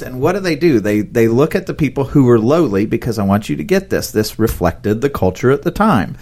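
A man co-hosting a podcast, explaining Bible stories in a relaxed, conversational way and laughing often. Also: mid-range voice, fairly quick, few pauses. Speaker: podcast co-host. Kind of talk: casual Bible discussion.

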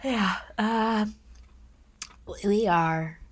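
A woman's voice: medium pitch, extremely slow. A woman co-hosting a podcast in casual early-morning chat, sleepy and yawning, laughing often. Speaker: podcast co-host.

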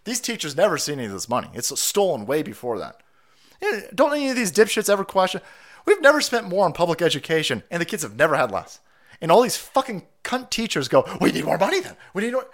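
A man's voice: a little high, big pitch swings, a bit bright. A man hosting a livestream, delivering an angry, profane political rant with crude mockery. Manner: angry, crude, mocking, rapid-fire. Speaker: livestream host.

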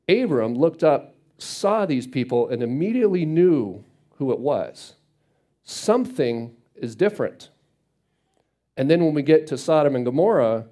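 A man's voice: mid-range voice, warm tone. A man teaching a Bible passage casually, reading verses and retelling them in everyday speech. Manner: conversational, paraphrases scripture in everyday speech.

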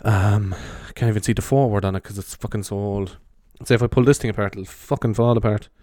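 Here a fast-talking Irish podcaster with a lowish voice and fairly even intonation rambles in a half-whispered ASMR manner. He strolls around his bedroom holding a handheld mic, chatty and meandering, swearing liberally in a soft hush. The audio is studio quality with no echo.

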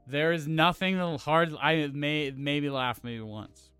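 Man, casual movie review, opinionated, smooth resonant voice, fairly high. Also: takes it slowly, fairly bright tone, dry recording, soft background music. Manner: blunt, opinionated, swears freely. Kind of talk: casual film review chat.

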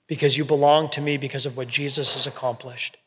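A man preaching a sermon as pastor, earnest and gentle, with soft quoted asides. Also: mid-range voice, flat delivery, fast talker, slightly rough, big-room sound.

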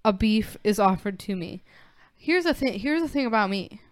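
Emphatic woman from Chicago, clear voice. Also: medium pitch, normal speed, no room sound, clean studio sound. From Chicago area. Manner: emphatic, animated storyteller. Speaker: podcast co-host. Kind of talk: casual chat.

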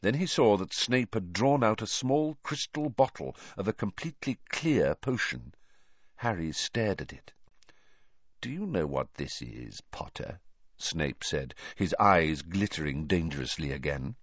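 A man with a low voice narrates a story, and his pitch rises and falls in a lively way. The recording is dry and close, with a dull, muffled top end. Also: a little slow, no room sound. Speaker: audiobook reader. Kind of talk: scripted narration.

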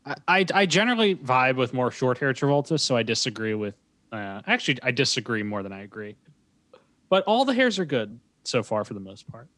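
A man's voice: medium pitch, sing-song, brisk, fairly bright tone. A man in his thirties co-hosting a casual podcast, laid-back and hesitant. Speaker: podcast co-host. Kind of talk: casual chat.

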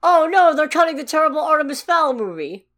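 A woman's voice: high-pitched, sing-song, a little fast, a bit bright. A woman co-hosting a podcast, chatting casually with a sarcastic, ranting edge. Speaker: podcast co-host. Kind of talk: casual chat.

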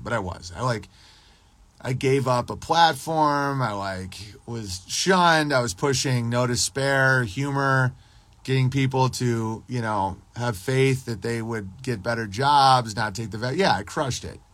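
A man's voice: mid-range voice, a bit bright, no echo. A man hosting a casual livestream podcast, ranting in a crude, profane, rambling and boastful way while answering his live chat.

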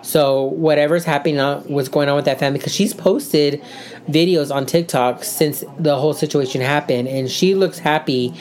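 A woman's voice: sits low, moderate pace, darkish tone. A woman co-hosting a casual podcast, chatty and rambling as she recaps news. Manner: chatty, rambling, many fillers. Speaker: co-host.

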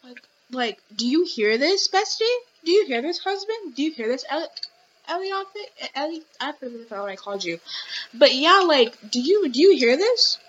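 Recorded at home on dull, lo-fi audio with faint noise, a young podcast host gives casual commentary, rambling and restarting often with plenty of fillers. Her voice sits high, very animated and fairly bright, at a moderate pace.

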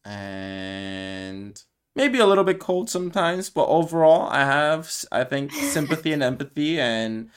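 A young man co-hosting a podcast, speaking reflectively and softly in casual chat, with many fillers and restarts. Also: a little high, expressive, a little slow, clean tone. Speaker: podcast co-host.

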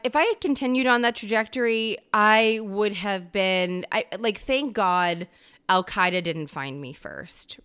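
A woman's voice: lowish voice, a bit bright, clear, resonant tone. A woman hosting a solo podcast from her kitchen, talking in a candid, profane, self-mocking and rambling way. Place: home kitchen.

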